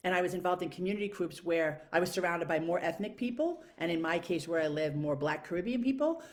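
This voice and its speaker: Woman with a deep low voice, casual monologue, frank and blunt, swears, rambles with fillers. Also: lively intonation, fast talker. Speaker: vlogger.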